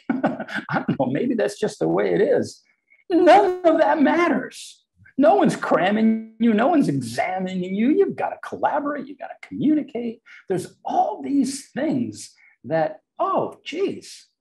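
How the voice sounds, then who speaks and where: A man who grew up speaking Portuguese at home, a podcast guest telling stories with animated delivery. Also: a little high, gravelly, rough recording. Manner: animated, acts out quoted voices. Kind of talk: storytelling in an interview.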